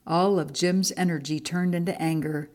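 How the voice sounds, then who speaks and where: A woman reading a children's picture book aloud in a church service, expressive storytelling. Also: on the low side, normal speed.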